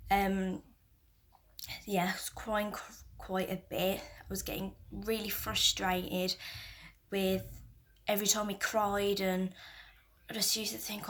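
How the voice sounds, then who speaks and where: A young woman in her twenties, a mother talking candidly to camera, soft-spoken and halting with many restarts, close to tears at times. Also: mid-range voice. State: emotional, near tears at times. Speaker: mother and vlogger. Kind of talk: candid personal talk to camera.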